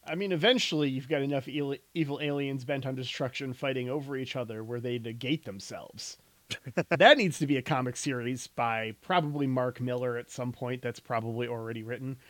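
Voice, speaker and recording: A man's voice: mid-range voice, a little fast, fairly bright tone, no room sound. A man co-hosting a podcast, chatting casually and rambling through speculative guesses. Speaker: podcast co-host. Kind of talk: casual chat.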